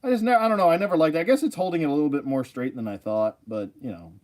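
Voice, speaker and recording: A man's voice: on the high side, rapid-fire, a little mellow. A man casually rambling about his toy collection, joking, laughing and losing his train of thought.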